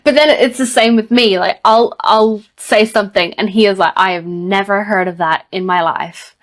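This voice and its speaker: A woman's voice: medium pitch, normal speed. An Irish woman co-hosting a podcast, chatting in a rambling way with restarts and laughs. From Ireland. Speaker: podcast co-host. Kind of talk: casual chat.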